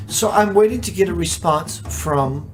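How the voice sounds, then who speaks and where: A spiritual teacher speaks in a mid-range voice on a live stream, musing slowly, asking many rhetorical questions and reading out comments from the chat.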